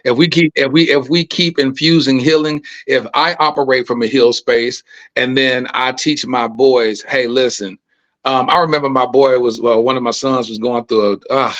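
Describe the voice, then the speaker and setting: A man speaks as an interview guest in a candid conversation. He sounds earnest and preacherly, with a mid-pitched, ordinary voice. He shares stories with conviction. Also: fairly even intonation, moderate pace, a bit bright, dull audio. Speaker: podcast host and filmmaker as guest.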